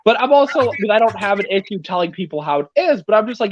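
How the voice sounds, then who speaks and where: A man on a livestream call in casual chat, telling workplace stories in a blunt, animated way. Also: high voice, fast talker. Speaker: livestream guest. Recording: dull lo-fi stream audio.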